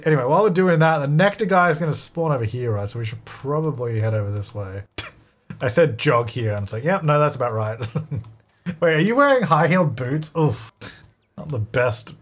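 A man's voice: fairly high pitch, fairly bright tone. A man giving casual let's-play commentary, chatty and narrating his own moves, laughing often. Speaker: gaming video creator.

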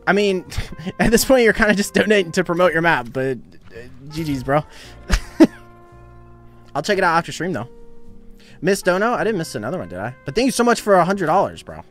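A man's voice: a little high, sing-song, brisk, long pauses, a bit bright, soft background music. A young man casually chatting on a live game stream, laughing often and reading out viewer donations. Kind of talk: casual live-stream chat while gaming.

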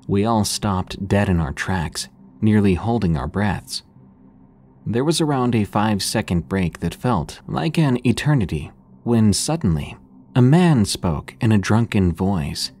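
A man narrating horror stories in a calm, measured, scripted reading. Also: sits low, soft background music.

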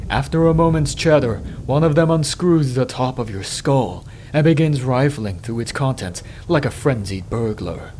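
A man hosting a let's play, reading game text aloud in a measured, dramatic way and adding his own commentary. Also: darkish tone, a little hiss or hum. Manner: measured dramatic reading, dropping low and slow on ominous lines.

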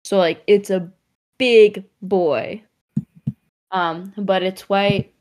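A woman's voice: mid-range voice, steady tone, extremely slow, a little mellow. A woman playing a tabletop game, chatting casually and giggling as she describes her moves. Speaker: player.

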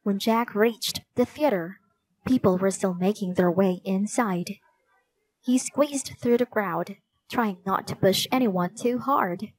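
A woman narrating a children's storybook in a slow, clear reading voice. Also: mid-range voice, rough recording.

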